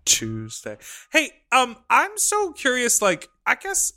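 Bright, gushing male podcast co-host. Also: very high-pitched, very animated, a little slow. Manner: upbeat, laughs often, gushing. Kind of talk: casual chat.

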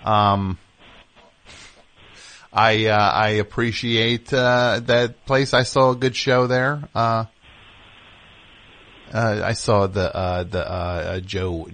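A man hosting a call-in radio show, chatting loosely with callers in a rambling way full of fillers. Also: lowish voice. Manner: relaxed, rambling, many fillers. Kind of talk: casual call-in chat.

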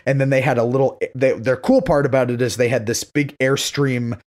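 A man's voice: mid-range voice, a little fast, darkish tone. A man from Massachusetts chatting casually. He rambles and leans on "like", with casual swearing. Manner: rambling, filler-heavy, casually profane. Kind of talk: casual chat.

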